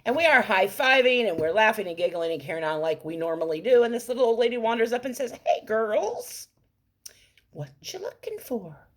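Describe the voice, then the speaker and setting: A middle-aged woman telling a story on her vlog in an animated, playful, enthusiastic way. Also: a little high, fast, hardly any pauses. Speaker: vlogger.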